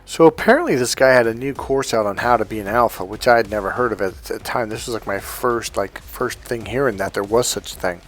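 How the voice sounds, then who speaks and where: A man's voice: medium pitch, brisk, hardly any pauses, fairly bright tone, faint music behind. A man working as a dating coach, telling a story to camera in a blunt, casual way with heavy swearing.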